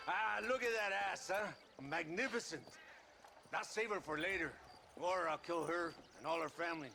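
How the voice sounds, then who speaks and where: A man's voice: sits high, a little slow, vocal fry, bright, forceful tone, faint music behind, heavily acted. An actor playing a boastful, leering male army officer who laughs and mocks as he talks. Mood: gloating. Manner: laughing, mocking, theatrical. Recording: game audio with faint noise.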